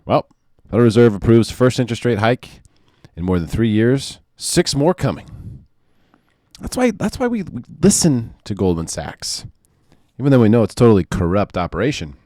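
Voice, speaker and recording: A man, a mortgage loan officer giving casual market commentary in an animated, sarcastic way, repeating phrases for emphasis. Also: medium pitch, normal speed, dry recording, studio quality.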